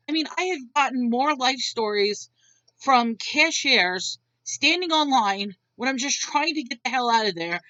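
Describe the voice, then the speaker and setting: A woman's voice: on the high side, lively intonation, moderate pace, pushed and bright, dry recording, muffled recording. A woman venting a blunt, exasperated rant to camera, swearing freely as she retells her day. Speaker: vlogger.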